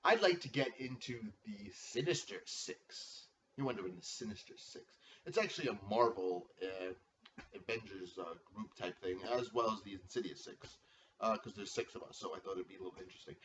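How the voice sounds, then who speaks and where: A man serving as commissioner of a fantasy football league, casually introducing members with drawn-out hype-man name calls and profane asides. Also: lowish voice, very animated, bright, forceful tone, distant mic, highs cut off, slight background noise.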